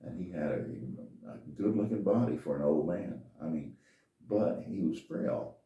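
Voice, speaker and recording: A man's voice: deep voice, expressive, measured pace, lo-fi sound. An older man telling a personal story in a folksy, meandering, plain-spoken way as a podcast host. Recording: echoey room, distant from mic.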